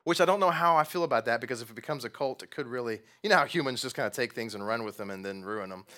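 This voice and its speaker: A man's voice: mid-range voice, racing, bright, forceful tone. A young adult man preaching a casual, conversational sermon in church, joking at his own expense and asking the audience questions. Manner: conversational, self-deprecating, asks the audience questions. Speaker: pastor.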